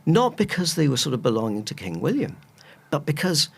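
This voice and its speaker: A man's voice: a little high, big pitch swings, a little fast, gravelly, breathy edge. A man, a historian guest explaining history with enthusiastic, rambling asides. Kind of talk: casual chat, explaining history.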